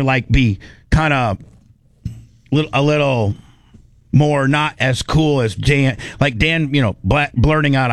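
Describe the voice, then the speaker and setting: A man's voice: mid-range voice, a bit bright, no room sound. A man hosting a casual radio show, talking in loose, rambling bursts. He keeps restarting his sentences and joking at his own expense. The studio sound is dry and close. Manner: rambling, self-interrupting, joking. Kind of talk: casual morning radio banter.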